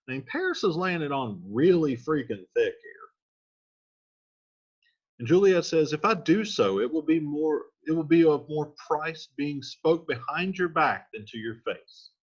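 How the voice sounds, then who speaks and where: Male teacher, casual line-by-line play explainer, husky voice, lo-fi sound. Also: fairly high pitch, lively intonation, measured pace. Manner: reads old lines then paraphrases them in slangy modern speech.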